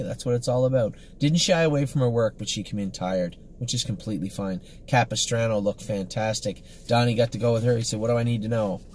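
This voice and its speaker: A man's voice: on the low side, darkish tone, slight background noise. A man, a horse trainer, giving a casual, rambling report on the day's training, upbeat and full of fillers and self-corrections.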